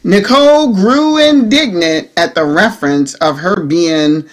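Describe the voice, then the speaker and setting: A woman narrating an audiobook in a measured, expressive reading style. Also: lowish voice.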